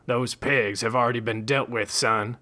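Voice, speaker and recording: A man's voice: mid-range voice, fairly even intonation, normal speed, pushed and bright, close to an everyday voice. A man voicing a furious, foul-mouthed frontier sheriff who screams and curses. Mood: smug. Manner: screaming, swearing, explosive.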